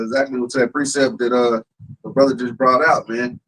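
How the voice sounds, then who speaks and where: A man reading a verse aloud and then explaining it in a quiet, measured way. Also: medium pitch, flat delivery, low-quality recording. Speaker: scripture reader.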